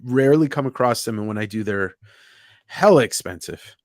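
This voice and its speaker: A man's voice: medium pitch, lively intonation, normal speed, darkish tone, no room sound, clean studio sound. Laid-back man chatting on a stream. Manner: reads chat comments aloud, joking banter; says "hella", swears casually. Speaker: podcast host. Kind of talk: casual livestream chat.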